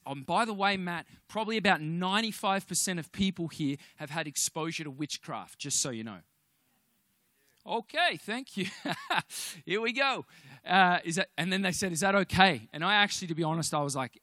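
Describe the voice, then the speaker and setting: High-voiced animated preacher. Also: male voice, fairly quick, dry recording, studio quality. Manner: animated storytelling, acts out voices, restarts often. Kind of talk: sermon with personal story. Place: church.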